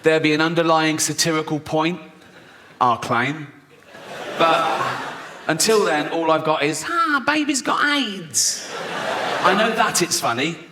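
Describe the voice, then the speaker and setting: A man's voice: fairly high pitch, normal speed, long pauses, background noise. A man performing a sardonic, provocative stand-up set with a self-mocking edge. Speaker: stand-up comedian.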